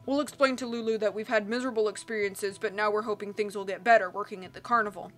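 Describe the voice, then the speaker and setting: Woman narrator voicing a girl in a put-on lower voice, middle pitch, crisp, faint music behind; storybook. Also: fairly even intonation, fairly bright tone, lightly acted. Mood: hopeful. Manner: deliberately lowered, careful delivery. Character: teenage girl faking a low voice. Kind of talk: audiobook reading.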